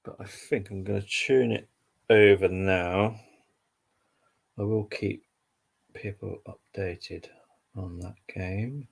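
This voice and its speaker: A man's voice: on the low side, fairly even intonation, takes it slowly, vocal fry, long pauses, breathy edge. A young man hosting a live football stream, chatting in a rambling, casual way with lots of fillers. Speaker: livestream football update host.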